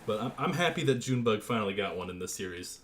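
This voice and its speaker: A young man streaming a racing game, calling the race in an excited play-by-play style and chatting loosely between races. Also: lowish voice, quick pace, a little hiss or hum. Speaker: gaming streamer. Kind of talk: live racing game commentary.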